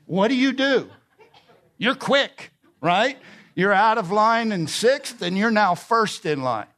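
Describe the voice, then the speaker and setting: A man's voice: sits high, lively intonation, takes it slowly, a bit bright. A middle-aged man preaching a sermon, emphatic and repeating key phrases. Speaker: pastor.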